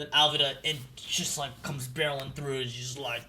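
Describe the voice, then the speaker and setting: A man's voice: mid-range voice, fairly even intonation, normal speed, few pauses, bright, forceful tone, a little hiss or hum. A man narrating a casual anime recap in a profane, rambling way, full of ums and likes.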